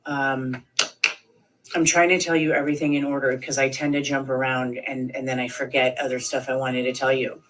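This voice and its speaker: A woman's voice: a bass voice, flat delivery, normal speed, background noise. A woman in her thirties giving a rambling, filler-heavy account in an interview, acting out the voices of people she quotes. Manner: rambling, many fillers, acts out quoted speech. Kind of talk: recounting events in an interview.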